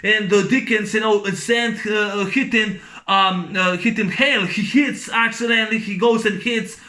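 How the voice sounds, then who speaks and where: Rambling excited man, high bright voice. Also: a little slow. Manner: rambling, many fillers and restarts, excited sound effects; laughs while recounting scenes. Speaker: movie reviewer. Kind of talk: casual movie review monologue.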